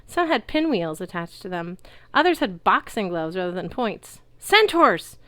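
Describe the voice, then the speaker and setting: Smooth, low-voiced woman reading aloud. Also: moderate pace, no room sound. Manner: lively, shouts the characters' cries. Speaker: audiobook reader.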